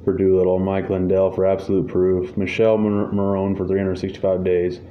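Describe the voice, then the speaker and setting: A man's voice: sits low, completely flat delivery, brisk. A man hosting a casual podcast, reading award nominees aloud with wry asides. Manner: reads lists, wry asides, chuckles. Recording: echoey room, dull lo-fi sound, faint noise.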